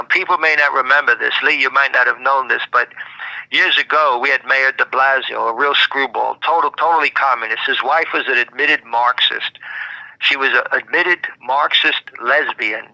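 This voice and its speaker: A man's voice: medium pitch, gravelly, bright, forceful tone, no echo, muffled recording. A man from Brooklyn, delivering an indignant, rambling political commentary monologue on a live show, often repeating and restarting his words. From Brooklyn, New York.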